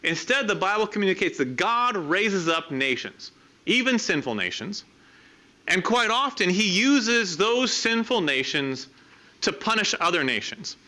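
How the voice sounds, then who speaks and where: A middle-aged male preacher with a high, bright voice delivers a sermon. He teaches step by step in a measured way and stops to read scripture passages aloud. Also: big pitch swings.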